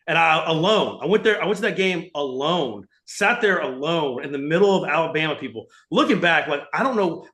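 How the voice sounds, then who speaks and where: A man co-hosting a sports podcast, ranting and cursing in casual chat. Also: fairly high pitch. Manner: profane, animated ranting. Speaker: podcast co-host. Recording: roomy echo.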